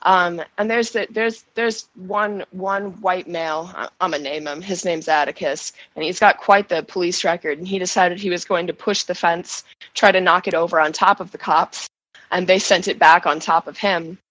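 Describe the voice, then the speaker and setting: A shaken woman giving an emotional first-person account as a guest, halting and restarting, with nervous laughs. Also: fairly low pitch, fairly even intonation, a bit bright, no echo, rough recording. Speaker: guest recounting events.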